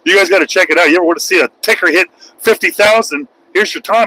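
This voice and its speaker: A man's voice: fairly high pitch, animated, fast, low-quality recording. Rambling, joking man trucker. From United States. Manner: rambling, joking, breaks into loud outbursts. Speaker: truck driver and streamer. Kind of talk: casual livestream chat while driving. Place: truck cab on the highway.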